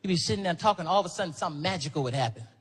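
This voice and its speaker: A man telling a stand-up story in loud, animated bursts with profanity. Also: a little high, rapid-fire, husky. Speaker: stand-up comedian. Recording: noisy live recording.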